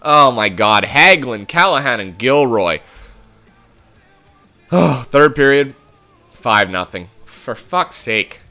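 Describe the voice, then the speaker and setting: A young man giving casual commentary on his own sports video game, swearing a lot and swinging between low muttering and angry shouts. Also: sing-song, slow pace, long pauses, faint music behind. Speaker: gaming YouTuber.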